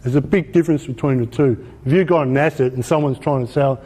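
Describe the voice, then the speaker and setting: A man's voice: medium pitch, quick pace, dark tone, husky. A man with an Australian accent giving an informal presentation, emphatic, repeating his points and asking rhetorical questions. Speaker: speaker.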